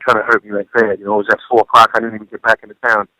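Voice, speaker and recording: A man's voice: on the low side, flat delivery, very fast, pushed and bright, dry recording. A man telling rambling, profane stories over a phone call in a casual radio interview, peppering his talk with "you know". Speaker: guest recalling a late friend.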